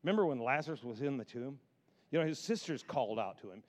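A man preaching a sermon in an animated, repetitive style that builds in emphasis. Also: mid-range voice, fast talker, a little hiss or hum.

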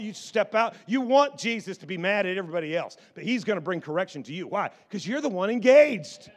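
A man preaching a sermon as pastor, animated and jokey, swinging from hushed asides to excited shouts. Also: high voice.

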